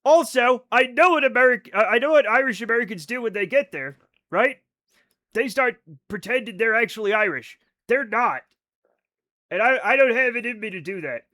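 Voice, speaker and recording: Excitable high-voiced man, swearing freely. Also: moderate pace. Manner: excitable, swears a lot, rambling asides. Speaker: livestreamer playing a space game. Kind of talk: casual chat with stream viewers. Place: home at night.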